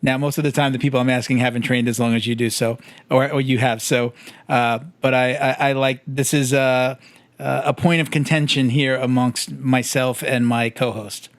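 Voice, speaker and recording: A man hosting a podcast, asking questions in a relaxed, easygoing way. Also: medium pitch, moderate pace, no echo. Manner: relaxed, laughs easily, asks questions. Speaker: podcast host. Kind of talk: casual podcast interview.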